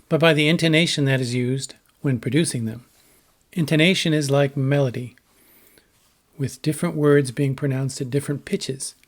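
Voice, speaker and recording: Male lecturer, mid-pitched, scripted lesson narration, calm and measured, acts out short examples with changing intonation. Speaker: lecturer on translation.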